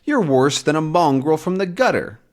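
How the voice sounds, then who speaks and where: Man reading a young comic reporter, brisk, a bit bossy, slightly higher voice. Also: big pitch swings, a little mellow. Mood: scolding.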